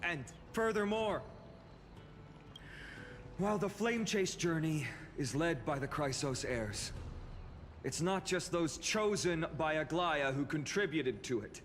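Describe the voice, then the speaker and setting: An earnest young hero. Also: male voice, on the high side, slow, a little hiss or hum. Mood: rousing. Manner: earnest, warm-hearted speechmaking. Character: earnest young male hero, loyal comrade. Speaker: game character. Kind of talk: game voice acting. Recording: game audio with reverb and music.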